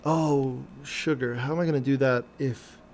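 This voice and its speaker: A man on a live coding stream thinks aloud in a gravelly, fry-edged voice. He stops and starts, mutters, and questions himself as he works, at a middling pitch with a faint hum of noise behind him. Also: steady tone, normal speed, a little mellow.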